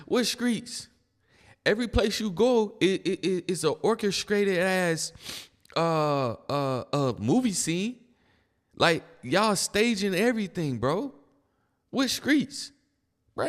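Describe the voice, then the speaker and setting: A man's voice: high voice, big-room sound. A man giving casual reaction commentary in a blunt, slangy, exasperated manner.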